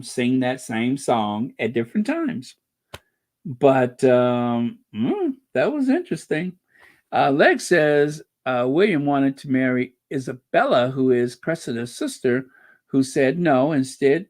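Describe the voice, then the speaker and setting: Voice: medium pitch, a little mellow. A channel host giving casual commentary and reading out viewer comments, drawling and sarcastic with playful wordplay asides.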